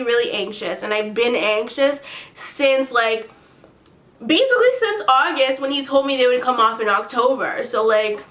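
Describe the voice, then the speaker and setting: A young woman from Canada, chatty and excitable, telling a story on her vlog. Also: fairly high pitch. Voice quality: slight lisp from a retainer. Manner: chatty, excitable, heavy use of "like". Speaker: beauty vlogger.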